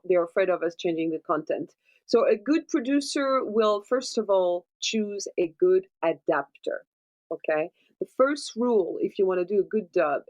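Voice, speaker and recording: A woman, a dubbing producer, answers interview questions at length in a voice of middling pitch. She talks with animated energy and keeps checking in with tag questions. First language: French. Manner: animated explainer, tag questions like right and okay.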